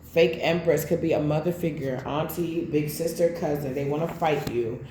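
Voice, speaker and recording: A woman's voice: low voice, fairly even intonation, normal speed, dark tone. A woman giving a casual tarot reading, calling out cards and talking bluntly, with frequent swearing. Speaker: tarot reader. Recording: roomy echo with faint background noise.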